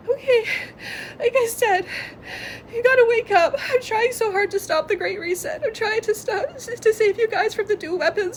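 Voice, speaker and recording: A woman's voice: extremely high pitch, animated, moderate pace, slight background noise. A woman vlogger talking in a rambling, emotional confessional monologue, tearful and congested, sometimes laughing through her tears.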